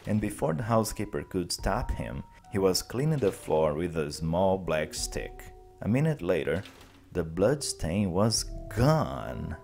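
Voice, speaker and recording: A man teacher narrating a classic story slowly and clearly for language learners. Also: low-pitched, faint music behind. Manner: slow, clear, expressive.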